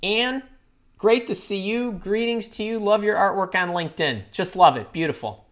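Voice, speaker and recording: Energetic woman recruiter hosting a live Q&A. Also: mid-range voice, moderate pace. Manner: energetic, chatty, greets viewers by name. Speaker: recruiter and career coach. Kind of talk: live-stream Q&A with viewers.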